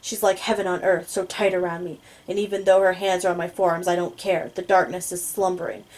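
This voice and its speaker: Woman reading a book out loud, lowish voice, steady and low-key. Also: brisk, rough recording. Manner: steady, low-key storytelling with occasional stumbles. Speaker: audiobook reader. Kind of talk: first-person novel reading.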